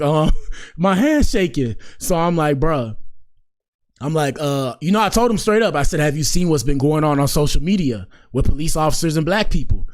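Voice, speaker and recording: A soft-spoken man in his twenties, a podcast host telling a story in a slangy, rambling way and repeating phrases for effect. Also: on the high side. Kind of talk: casual storytelling.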